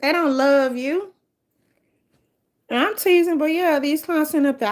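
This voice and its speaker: A woman with a New Orleans accent hosting a casual, profane storytelling monologue, brash and animated. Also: sits high, moderate pace. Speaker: host.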